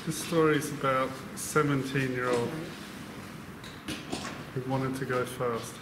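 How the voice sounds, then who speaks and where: A man's voice: medium pitch, steady tone, unhurried, pauses often. A man with an Irish accent working on a car in a workshop, giving dry, blunt answers in casual banter. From Ireland. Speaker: mechanic building the car. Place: echoey workshop garage. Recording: echoey garage, background noise.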